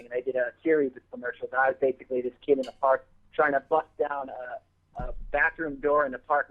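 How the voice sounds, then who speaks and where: A man, a guest actor on the show, chatting casually and rambling with lots of restarts. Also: fairly high pitch. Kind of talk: casual chat. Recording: phone-line audio.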